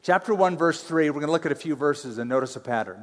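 A pastor teaching a sermon in a conversational way, with playful asides between scripture readings. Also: male voice, fairly high pitch, lively intonation, quick pace, hardly any pauses. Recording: long hall reverb.

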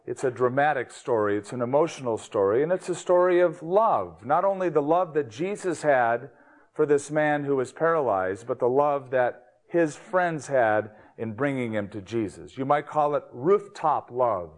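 A man's voice: medium pitch, expressive, normal speed. A man preaching a sermon, opening with a joke in an easygoing, folksy storytelling manner. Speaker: pastor.

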